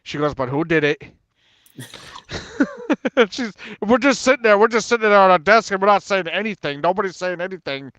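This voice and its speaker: A man's voice: sits high, sing-song, normal speed, a bit bright, no echo, dull audio. A man on an open talk panel, telling a school story in casual chat, rambling and full of fillers. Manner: rambling, filler-heavy storytelling, lots of "and everything".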